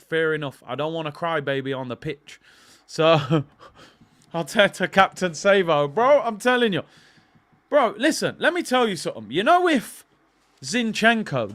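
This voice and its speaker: Animated ranting man. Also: fairly high pitch. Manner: animated, ranting, breaks into singing. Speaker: fan channel host. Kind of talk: live stream fan chat.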